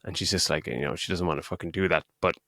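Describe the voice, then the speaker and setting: Low-voiced swearing podcast host. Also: male voice, fast talker, creaky, bright, forceful tone, no echo, clean studio sound. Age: middle-aged. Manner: swears freely, laughs while retelling scenes. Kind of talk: casual film review chat.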